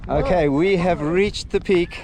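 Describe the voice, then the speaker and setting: A man's voice: high voice, a little slow, darkish tone. A man guiding a trail run and narrating a vlog on desert hills, upbeat and joking as he explains the landmarks. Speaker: trail running tour guide. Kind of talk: outdoor vlog commentary.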